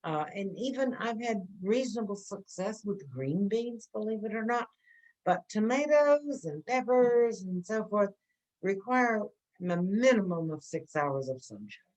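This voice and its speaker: A woman's voice: mid-range voice, lively intonation, a little slow, a little mellow, rough recording. A woman teaching an informal gardening class, chatty and answering questions, often checking in with "okay?".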